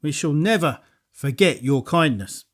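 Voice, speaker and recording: A man voicing a smooth, scheming middle-aged swindler in an audiobook, with an unctuous, murmuring, ingratiating manner. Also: on the high side, animated, a little slow. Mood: oily. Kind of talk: audiobook character voice.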